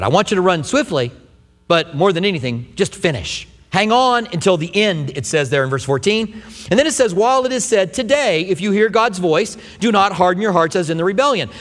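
A man delivers a sermon to a large church congregation with animated, expressive preaching. His voice sits somewhat high for a man, and long reverb from the hall trails after his words. He sometimes slips into the voices of doubters. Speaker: pastor.

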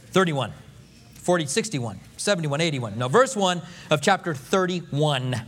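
Animated high-voiced male preacher. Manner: animated storytelling, acting out scripture voices with humor. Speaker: pastor. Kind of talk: sermon.

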